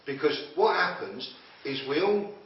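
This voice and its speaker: A man's voice: on the high side, expressive, a little slow, slight background noise. A man giving a blunt, confrontational motivational talk to a group, challenging them with questions. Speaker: motivational speaker. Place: room with a group listening. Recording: echoey room, far from mic, dull lo-fi.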